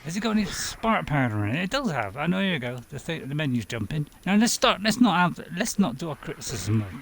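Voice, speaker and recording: A man's voice: fairly high pitch, sing-song, quick pace, vocal fry, fairly bright tone. A man giving casual gameplay commentary as a streamer, rambling, talking to himself and chuckling often. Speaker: game streamer.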